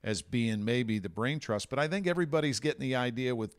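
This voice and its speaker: A man hosts in an easygoing way, thanking helpers and guests with relaxed warmth in his delivery. His pitch sits in a middle range. He is recorded in a wine cellar. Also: brisk, clear, resonant tone. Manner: easygoing, host-like wrap-up. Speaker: radio host. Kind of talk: casual chat with show plugs.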